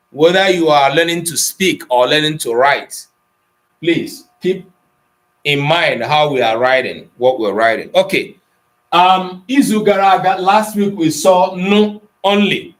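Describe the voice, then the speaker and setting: A middle-aged Nigerian man with an Igbo accent teaches a language class, slipping between Igbo and English. His voice sits a little high for a man, and he explains things patiently, stopping to check in with his students. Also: poor audio. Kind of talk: online class lesson, mixing Igbo and English.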